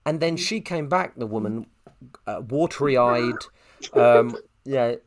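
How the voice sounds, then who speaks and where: A man co-hosting a podcast, telling a long anecdote and jumping into high quoted voices. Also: slow pace. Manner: animated storyteller, jumps pitch for quoted voices. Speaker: podcast co-host.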